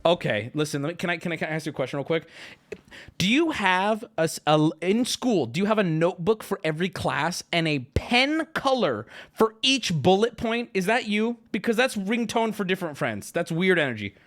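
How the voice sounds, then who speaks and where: A man's voice: high voice, lively intonation, a little fast, fairly bright tone. A man streaming live, telling stories and ranting at his chat in a profane, stammering, riled-up way. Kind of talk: casual livestream rant.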